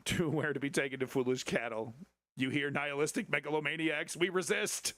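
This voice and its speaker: A man hosting a live stream, reacting to clips with sarcastic, profane commentary and now and then breaking into shrill mocking voices. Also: brisk, a bit bright, dry recording. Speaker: livestream host.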